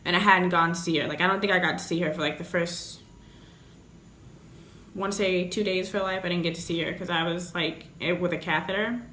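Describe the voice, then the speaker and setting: Young woman vlogger, lower voice, roomy echo, frank and profane storyteller. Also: fairly even intonation, fairly quick, a bit bright, slight background noise. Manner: blunt, profane, and joking about a serious story. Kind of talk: candid storytime. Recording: roomy echoey room.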